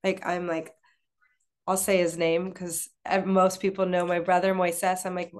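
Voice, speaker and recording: A woman's voice: lowish voice, little pitch movement, measured pace. Chatty woman in casual conversation. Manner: chatty, many fillers and restarts. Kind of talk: casual chat.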